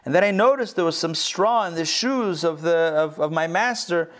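A meek little sheep nervously confessing to a small theft, as a man puts him on in a parable. He hesitates and keeps correcting himself, in a somewhat high voice. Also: expressive, normal speed, fairly bright tone. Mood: timid.

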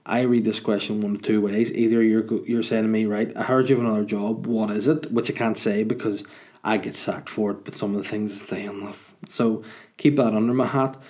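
A man's voice: on the low side, steady tone, fairly quick, darkish tone. A man hosting a casual solo podcast, rambling through jokes with plenty of swearing. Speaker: podcast host and stand-up comedian.

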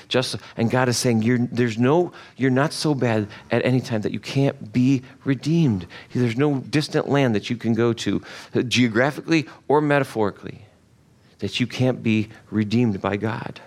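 A man's voice: mid-range voice, moderate pace, darkish tone. Conversational man preaching a sermon. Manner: conversational, acts out quoted voices. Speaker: pastor.

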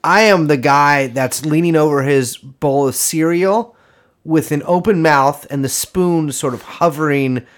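A man's voice: a little high, a little slow. A man co-hosting a comedy podcast, rambling through mock-earnest jokes and banter. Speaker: podcast co-host.

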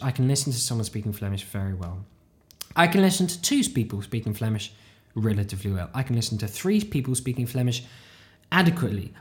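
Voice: mid-range voice, a little mellow. A podcaster from the UK with a British accent, talking in a casual, rambling monologue that drifts off on tangents, pokes fun at themselves and swears casually. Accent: British English. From United Kingdom. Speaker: podcast host, language learner.

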